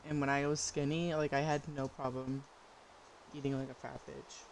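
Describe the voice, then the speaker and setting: A woman's voice: very deep voice, flat delivery, normal speed, darkish tone, slight background noise, low-quality recording. A young woman streamer chatting casually while she eats, blunt and profane, laughing easily.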